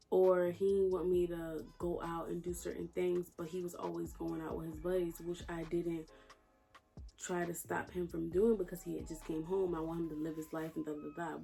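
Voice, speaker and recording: A woman's voice: on the low side, gravelly, mellow. A woman telling a personal story to her viewers in casual vlog chat, blunt and swearing freely, repeating lines for emphasis.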